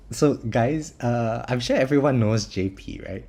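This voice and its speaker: A young man from Singapore with a mild Singaporean English accent, chatting loosely with viewers on a live stream, restarting words and laughing softly. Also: medium pitch, lively intonation, measured pace, creaky, few pauses, husky. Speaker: live-streamer of a mobile tower-defense game. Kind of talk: casual live-stream chat, answering viewers.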